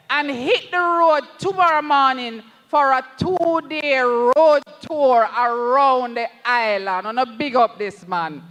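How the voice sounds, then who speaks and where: A high, bright Jamaican voice gives a political rally speech, impassioned and emphatic, pressing each point to the leader beside them. The words come slowly and deliberately. The sound rings through a long, echoey reverb. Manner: impassioned, slow and emphatic, repeatedly addresses the party leader. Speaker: parliamentary candidate at a party rally.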